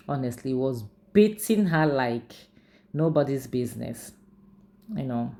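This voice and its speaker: A woman's voice: rumbling low, creaky, a little mellow, slight background noise. A woman casually retelling a film's story as a reviewer, chatty and emphatic with frequent asides. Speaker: movie reviewer. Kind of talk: casual storytelling recap with personal opinions.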